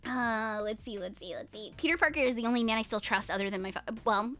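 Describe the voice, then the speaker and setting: A young woman hosting a livestream, reading aloud and chatting with her viewers, animated and profane. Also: fairly high pitch, fast talker, faint music behind. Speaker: livestream host. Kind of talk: reading and chatting with live chat.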